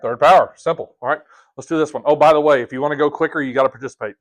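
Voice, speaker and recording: A man's voice: fairly high pitch, fairly even intonation, racing. A man teaching a math class, talking casually to his students, joking and asking them questions. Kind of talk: classroom lesson.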